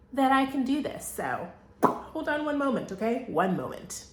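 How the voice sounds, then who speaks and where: A woman talking casually in a home vlog, chatty and excitable, rambling along with little laughs. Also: mid-range voice, roomy sound. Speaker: home decor vlogger. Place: at home indoors.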